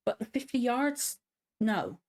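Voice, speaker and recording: A woman's voice: a little high, expressive, unhurried, a little mellow. A woman giving a casual spoken review as a reaction video host, ranting in exasperation, swearing often and apologizing as she goes.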